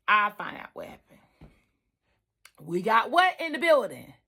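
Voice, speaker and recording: A woman trucker telling a story in a casual vlog, animated and emphatic, repeating lines for effect. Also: on the high side, a little slow, gravelly, husky. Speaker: trucker and trucking school staff.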